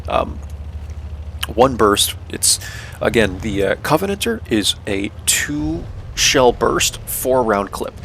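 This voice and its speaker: A man's voice: medium pitch, gravelly, fairly bright tone, a little hiss or hum. A young man with a North American accent, casually talking through his own tank game, explaining tactics with lots of "um", "right?" and "man". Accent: North American English. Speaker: gameplay commentator. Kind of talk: casual gameplay commentary.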